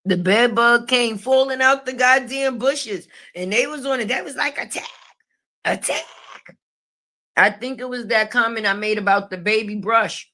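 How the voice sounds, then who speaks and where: A woman's voice: a little high, normal speed, hardly any pauses, pushed and bright. Brash, laughing middle-aged woman streamer. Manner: brash and profane, laughing often. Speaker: live streamer. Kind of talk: casual live-stream commentary.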